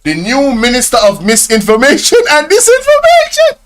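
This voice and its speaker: High-voiced man exclaiming in disbelief. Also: huge pitch swings, normal speed, heavy background noise. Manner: exclaiming, incredulous, often laughing; slang-heavy, addresses viewers directly. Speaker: reaction video host. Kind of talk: casual reaction commentary.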